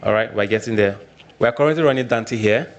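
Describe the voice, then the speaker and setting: Nigerian male presenter, lowish voice, repeats himself, casual live workshop delivery. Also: a little fast. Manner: repeats points, frequent "all right" check-ins.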